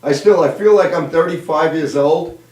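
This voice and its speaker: A man's voice: fairly high pitch, moderate pace, a little mellow, far from the mic. A man in his fifties hosting a comedy show, telling old jokes and family stories and laughing at his own lines. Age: 50s. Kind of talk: stand-up joke telling. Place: live streamed show room. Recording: roomy, away from mic.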